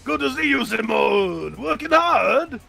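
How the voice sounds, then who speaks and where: A man putting on a gravelly cheeky café boss. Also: very high voice, sing-song, measured pace, pushed and bright, soft background music, pitched above the performer's own voice, heavily acted. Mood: warm. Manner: drawled, exaggerated impression voice.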